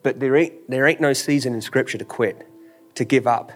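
A man's voice: medium pitch, normal speed. A man preaching a sermon with an emphatic, repetitive cadence, full of rhetorical questions and casual phrasing. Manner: informal, drops into "ain't". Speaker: pastor.

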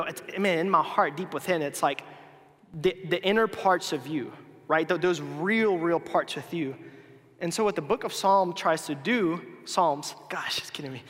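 In a hall with long reverb, a young man whose bright-ish voice sits high delivers a relaxed youth sermon. He rambles in a friendly way, restarting sentences, using filler words, and joking about his own mistakes.

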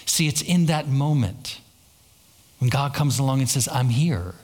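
Preaching at a moderate pace, this pastor has a medium-pitched voice with a darkish tone. His sermon is built on storytelling, with quoted lines performed aloud and heavy repetition.

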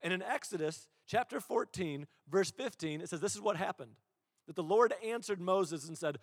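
A man's voice: high voice, animated, moderate pace, slightly rough, clean studio sound. A male pastor preaching a sermon in a church auditorium. He talks in a conversational, self-deprecating way and often repeats words as he restarts. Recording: long hall reverb.

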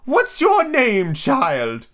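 A man voicing a furious storybook queen, shrill, screaming, high-pitched, imperious. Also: wildly swooping pitch, very slow, fairly bright tone, heavily acted.

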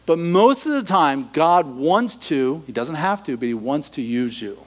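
A middle-aged male pastor preaching a sermon, animated, acting out quoted voices and dropping to soft asides. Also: fairly high pitch, measured pace, rough recording.

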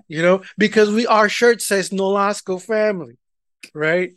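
High-voiced, profane, animated man ranting. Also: unhurried, no echo, studio quality. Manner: animated, profane, rant-like, acts out quoted people loudly. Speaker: podcast co-host telling a story. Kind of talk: casual profane storytelling chat.

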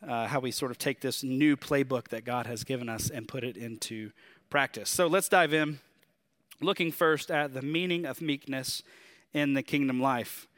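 A man with a Southern drawl preaching a sermon in a conversational, animated way, asking his listeners questions. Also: medium pitch, moderate pace. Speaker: pastor.

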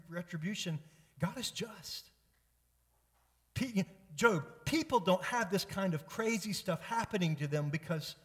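A man's voice: sits high, fairly bright tone, pitched above the performer's own voice. A man preaching voices Job's friends, needling and accusing, in a long church reverb.

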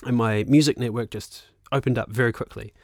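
Animated New Zealand man, 30s, casual storyteller with a mid-range voice, dry close mic. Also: mid-range voice, fairly quick, no echo. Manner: animated, swears freely, laughs often. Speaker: guest musician and actor.

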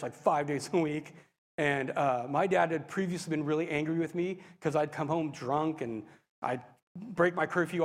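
A man preaching, telling a personal testimony in an animated, expressive storytelling style with frequent asides to the congregation. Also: a little high. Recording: reverberant hall.

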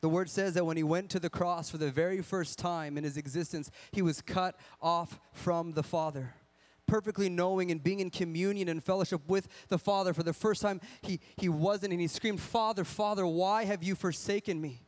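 A man whose voice is slightly higher than most men's preaches a sermon in an earnest, conversational way, asking many rhetorical questions. At times he acts out people's excuses in a whiny tone, otherwise keeping a steady tone and moderate pace.

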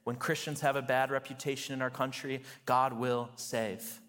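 A man's voice: mid-range voice, little pitch movement, moderate pace, fairly bright tone. A male pastor preaching a sermon in a loose, conversational way, full of "like" and "you know". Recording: long reverb of a large hall.

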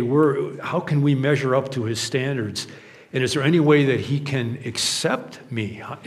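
A man's voice: mid-range voice, in a large hall. A man preaching a sermon as pastor, conversational and casual, retelling scripture in everyday words.

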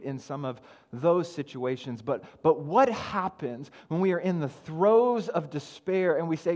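Man, pastor, sermon, slightly high voice, earnest, repeats words, long echo. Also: a little slow, few pauses. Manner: earnest, repeats words, swings between loud emphasis and quiet asides.

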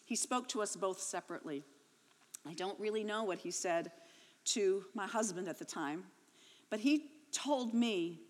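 A woman's voice: medium pitch, long reverb tail. A woman in her fifties giving an emotional spoken testimony, her voice rising and breaking as she tells it. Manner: reads her daughter's account, then tells her own, voice rising and breaking with emotion.

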